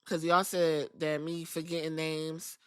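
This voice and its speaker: A woman's voice: low voice, little pitch movement, a little slow, clean tone. A woman hosting a podcast, giving a casual wrestling recap in a blunt, profane, sassy way. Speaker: podcast host.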